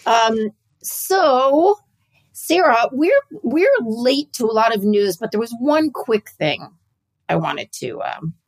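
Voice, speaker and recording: A woman co-hosting a podcast, talking in a fairly high, husky voice. She chats in an animated way, jumping between topics and tossing off mock-exasperated asides. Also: slow pace, rough recording. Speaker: podcast co-host. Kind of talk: casual chat.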